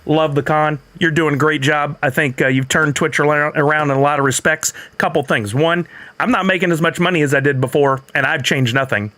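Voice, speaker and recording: A man's voice: fairly high pitch, a little fast, bright, forceful tone. A middle-aged man hosting a stream, telling a story in casual chat and acting out both sides of the conversation. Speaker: streamer host.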